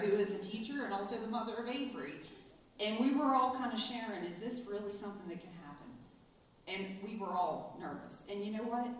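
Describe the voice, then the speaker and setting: A middle-aged woman tells a story at a school ceremony, and her voice carries from some distance in a very echoey hall. She speaks at a mid pitch and brightens into animated quoted asides. A faint hum of room ambience sits underneath. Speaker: school administrator giving a speech. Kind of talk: ceremony speech, personal story. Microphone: distant from the mic.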